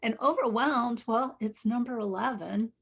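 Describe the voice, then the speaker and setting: A woman in her forties talks through her own stories as she teaches, her voice gravelly with a husky edge. She is chatty and animated, often repeating a word as she goes. It is a casual, unscripted delivery. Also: a little high, moderate pace. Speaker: emotional wellness teacher. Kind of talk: casual personal storytelling and teaching.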